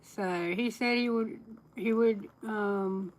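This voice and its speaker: Here the same kind of casual live-stream talk comes from a woman tarot reader sharing personal stories and laughing a lot. She speaks slowly in a mid-range voice, and the audio quality is poor.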